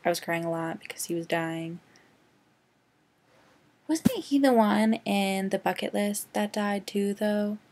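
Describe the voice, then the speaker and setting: A young woman rants to camera about a movie she just saw. Her mid-pitched voice keeps sliding into a gravelly vocal fry. She is sarcastic and rambling, with "like" in nearly every sentence. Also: measured pace, pauses often, a little mellow, a little hiss or hum. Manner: sarcastic, rambling, heavy use of "like". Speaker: vlogger. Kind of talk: casual movie rant.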